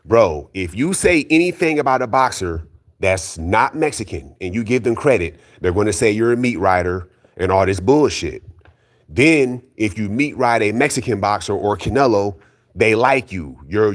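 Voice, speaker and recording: A man with a low voice rants straight to his audience about boxing. He is blunt and profane and keeps hammering the same points. His delivery is insistent and argumentative. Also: lively intonation, normal speed. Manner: keeps calling out critics, insistent. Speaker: boxing commentary YouTuber. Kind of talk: heated solo rant.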